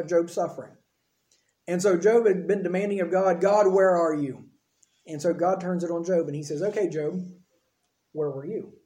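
A man's voice: high voice, warm tone, reverberant. A man preaching a conversational sermon, acting out quoted dialogue as he talks. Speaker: pastor.

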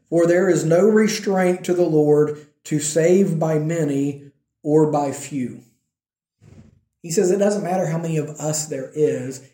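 In an echoey room, a preacher delivers a conversational sermon retelling a scripture story. His voice is mellow though pitched slightly high, and he animatedly bursts into quoted lines while keeping the telling relaxed.

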